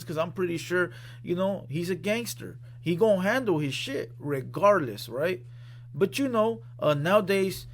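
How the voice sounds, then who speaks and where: A man's voice: on the high side, a little hiss or hum. A man hosting a reaction channel from a studio room, giving casual commentary in a blunt, profane, conversational way.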